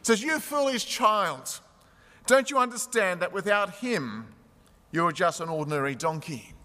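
A man doing a gently scolding mother donkey. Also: sits high, expressive, measured pace, in a large hall, heavily acted. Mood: chiding. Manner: gently chiding.

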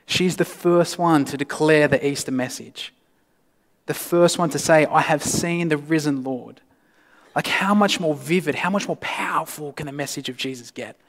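Man preaching in an echoing church. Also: a little high. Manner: swings from loud emphasis to hushed, near-whispered lines. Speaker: pastor. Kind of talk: sermon. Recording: long reverb of a church hall.

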